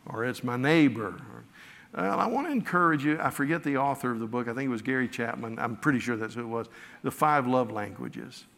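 Pastor preaching in an echoing church. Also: male voice, medium pitch, lively intonation, brisk, fairly bright tone. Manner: storytelling, self-deprecating, with many restarts. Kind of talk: sermon. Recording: long hall reverb.

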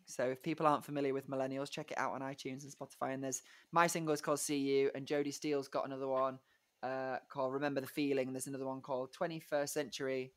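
A young man, a musical theatre performer chatting casually in an interview, rambling and giggly with lots of fillers. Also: mid-range voice.

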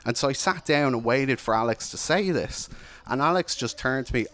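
A man's voice: mid-range voice, expressive, moderate pace, a bit bright. Earnest man telling his story. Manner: candid, reflective, earnest. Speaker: speaker sharing a personal testimony. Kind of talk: personal storytelling talk.

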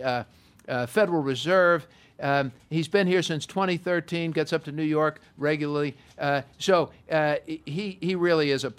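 A man hosting a podcast, chatty and jokey, with many fillers. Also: on the high side. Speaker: podcast host. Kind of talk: casual talk show hosting.

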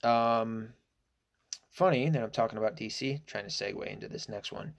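A man talks through a casual opinion monologue in a low, gravelly voice with plenty of fry. He rambles and restarts, leaning on fillers, and swears often in an indignant tone. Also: moderate pace. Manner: profane and indignant. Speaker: political commentator.

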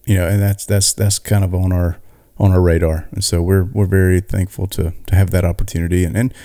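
A man co-hosting a podcast, telling a story in a casual, animated way with many restarts. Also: deep voice, fairly quick, no echo, studio quality. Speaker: podcast co-host. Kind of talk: casual chat.

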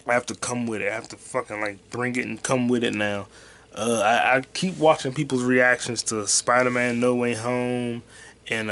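A man hosting a solo podcast, rambling loosely and profanely, with sudden loud excited bursts. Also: mid-range voice. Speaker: podcast host and stand-up comic.

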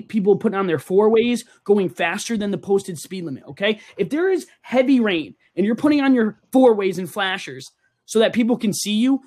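Young male podcast co-host, ranting, casual and rowdy. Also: sits high. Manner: ranting, animated, says okay often.

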